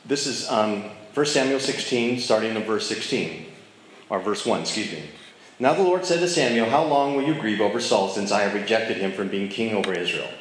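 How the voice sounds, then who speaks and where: A man's voice: mid-range voice, a little hiss or hum. A man teaching a casual Bible study, talking conversationally and checking in with his listeners. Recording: very echoey room.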